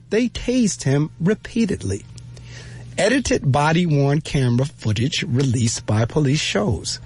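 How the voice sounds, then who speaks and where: A man's voice: a little high, a little mellow, slightly rough. A man giving an earnest spoken reflection, emphatic and repeating his phrases for weight. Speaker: speaker giving a motivational talk.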